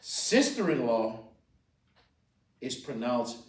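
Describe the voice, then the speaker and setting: A man's voice: mid-range voice, animated, slow pace, pauses often. A man with a Louisiana accent teaching Cajun French vocabulary, patiently repeating each word. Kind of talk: slow spoken language lesson. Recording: roomy echo, distant mic.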